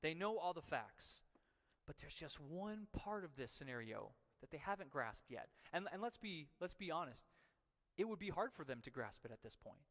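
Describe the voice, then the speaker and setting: A man's voice: a little high, big pitch swings, normal speed, a bit bright. Man preaching in a reverberant hall. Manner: conversational storytelling with acted-out quotes. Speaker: pastor. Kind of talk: sermon. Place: church sanctuary.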